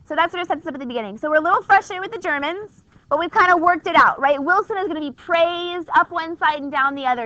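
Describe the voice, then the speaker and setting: A woman's voice: very high-pitched, animated, quick pace, bright, forceful tone. A woman teaching a history class in a chatty, wry, conversational way, full of rhetorical questions. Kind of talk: classroom lecture. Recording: dull lo-fi classroom recording.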